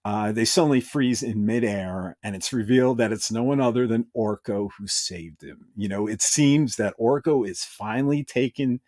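A man's voice: on the low side, normal speed, few pauses, a little mellow, no echo, clean studio sound. A man hosting a podcast, recapping an episode with enthusiasm and quoting characters now and then. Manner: enthusiastic, retells scenes with brief quoted voices. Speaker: podcast host.

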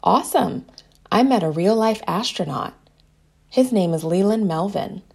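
A woman's voice: medium pitch, expressive, unhurried, gravelly, a little mellow, slightly rough, exaggerated voice. A woman voicing a friendly, eager young boy in a children's story who chats cheerfully with his friend. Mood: upbeat.

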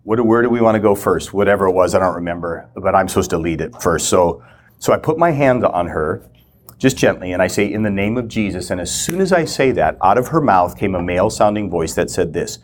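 A man's voice: fairly low pitch, fairly quick, slight background noise. A middle-aged man teaching as a guest, telling a personal story and acting out the lines he quotes. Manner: animated storyteller who acts out quoted lines.

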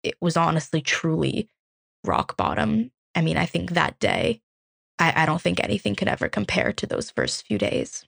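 A young woman from Ukraine, a podcast host, telling a personal story in an earnest, reflective way with halting restarts. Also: low-pitched, sing-song, creaky, breathy edge, no room sound.

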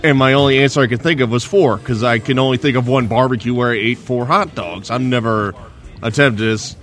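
A man's voice: medium pitch, brisk, fairly bright tone. Easygoing male podcast co-host, joking, with faint bar music behind. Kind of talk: casual podcast chat. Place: bar at a resort, indoors.

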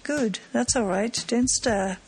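A woman reading the part of a cool, mocking gentleman thief, teasing and self-assured, in her own voice. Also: on the high side, slow pace, a little hiss or hum.

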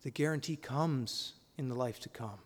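A man's voice: medium pitch, moderate pace. Emphatic male preacher in a reverberant hall. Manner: emphatic, rhetorical questions, swings between loud and hushed. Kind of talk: sermon.

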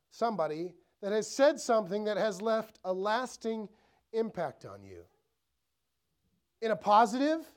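A man's voice: sits high, darkish tone. A male pastor preaching a sermon in a church, talking conversationally and asking the room rhetorical questions. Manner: acts out inner thoughts in quoted voices.

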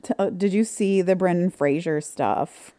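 A woman's voice: fairly low pitch, moderate pace, mellow, no room sound. A woman co-hosting a casual chat podcast, telling playful anecdotes. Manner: chatty, playful, stumbles when storytelling. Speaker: podcast co-host.

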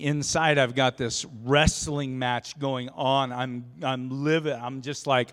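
A man preaching a sermon as a pastor, telling a story with lively swings from quiet asides to shouting. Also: mid-range voice, unhurried, few pauses. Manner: animated, shouts in storytelling peaks. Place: church sanctuary. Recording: long church reverb.

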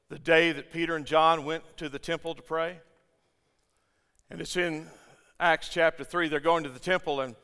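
A man's voice: a little high, bright, forceful tone, clean tone. An older man preaching a sermon to a congregation, impassioned, with stammering restarts and rhetorical questions. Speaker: pastor. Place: church sanctuary. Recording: long church-hall reverb.

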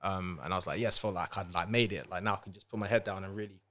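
A man's voice: deep voice, quick pace. Laid-back man telling his story. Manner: relaxed, many fillers like "like" and "um". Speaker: podcast guest, author. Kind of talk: casual interview chat.

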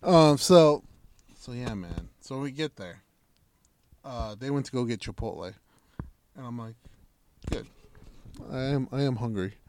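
A man's voice: medium pitch, measured pace, pauses often. A man telling a long story in casual chat, swearing freely and acting out the arguments he had. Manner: profane, animated, acts out quoted arguments.

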